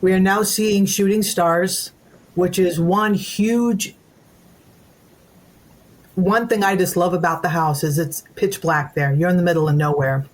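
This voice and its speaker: A woman's voice: on the low side, unhurried. Woman telling a ghost-hunt story. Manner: animated, talks in long run-on sentences. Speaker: event host, paranormal investigator. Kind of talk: storytelling in a group chat.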